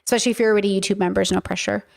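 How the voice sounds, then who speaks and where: A woman's voice: medium pitch, fairly even intonation, racing, gravelly. An American woman hosting a casual livestream, playful and chatty, swearing freely and repeating words for emphasis. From United States. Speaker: host.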